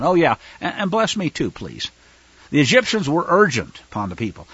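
Fiery preacher man, lively husky voice. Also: a little high, moderate pace, dry recording, lo-fi sound. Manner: fiery, denouncing opponents, breaks into shouts; many fillers and restarts when explaining. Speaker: preacher teaching scripture. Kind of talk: sermon.

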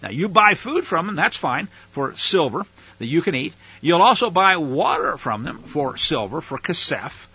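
Bible teacher, male, fairly high husky voice, casual asides between verses, dull lo-fi sound. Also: very animated, moderate pace, sharp tone, no echo. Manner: reads verses aloud, breaks in with casual slangy asides. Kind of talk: scripture reading with commentary.

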